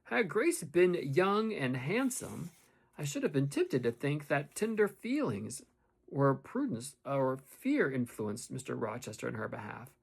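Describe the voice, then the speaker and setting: A man narrating a classic novel in the first person with expressive, measured storytelling. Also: mid-range voice, creaky, breathy edge. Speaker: audiobook narrator.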